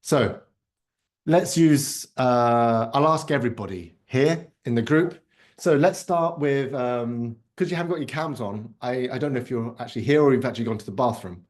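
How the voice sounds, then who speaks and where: A man's voice: medium pitch, normal speed. A man leading a live online masterclass on a video call, explaining ideas in a conversational way and checking in with "right?". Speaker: workshop instructor.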